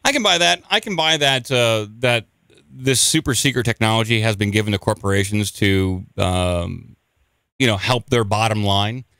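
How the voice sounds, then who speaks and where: A man's voice: on the low side, moderate pace, a bit bright, clean tone, no room sound, studio quality. A man hosting a late-night call-in talk show, chatting casually with callers in a rambling way, with restarts. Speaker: radio call-in show host.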